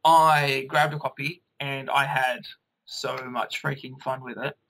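A man's voice: medium pitch, fairly even intonation, a little slow, pushed and bright, rough recording. A man, co-hosting a casual gaming podcast, rambling and chatty with lots of fillers. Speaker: podcast co-host.

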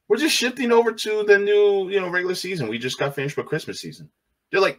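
A man tells a story from his own life in a loose, conversational way. His voice sits a little high and swings widely in pitch as he repeats phrases. When he quotes other people, his voice jumps up. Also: lively intonation, fast talker. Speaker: video host. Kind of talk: casual personal storytelling.

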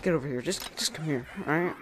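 A man's voice: a little high, fast, noisy background. A man giving flustered, apologetic let's-play commentary over a game. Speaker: gamer.

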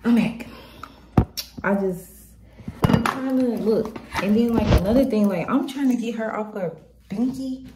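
A woman's voice: on the high side, a little slow, long pauses, background noise. A young woman vlogger casually answering viewer questions, blunt and swearing freely, rambling and restarting her sentences. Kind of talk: casual Q&A chat. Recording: echoey room.

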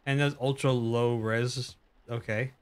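A gaming video creator provides casual let's-play commentary on a horror game, chatty and curious, with the occasional swear. His mid-range voice is steady and smooth, paced a little slowly.

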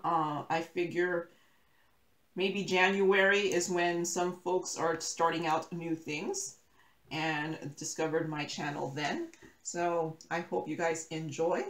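A woman's voice: on the low side, fairly even intonation, takes it slowly. A woman chatting casually to viewers while she does a diamond painting at home, rambling, correcting herself and laughing often. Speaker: crafting YouTuber. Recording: roomy echo.

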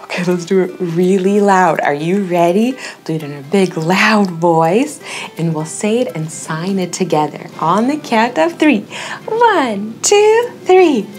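A woman hosting a toddler learning video, speaking in a slow, exaggerated, sing-song teacher voice. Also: medium pitch, lively intonation, a little mellow, soft background music. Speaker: children's show host.

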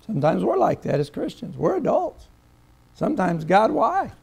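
A man's voice: sits high, wildly swooping pitch, moderate pace, creaky, warm tone, breathy edge. A man preaching a sermon as pastor, reading scripture and acting out quoted prayers.

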